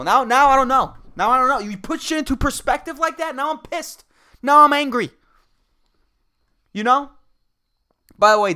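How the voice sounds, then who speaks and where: Foul-mouthed woman ranting on a podcast. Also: mid-range voice. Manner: profane, heated ranting; shifts quickly between loud outbursts and muttered asides. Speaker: podcast host. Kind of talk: comedic solo podcast rant.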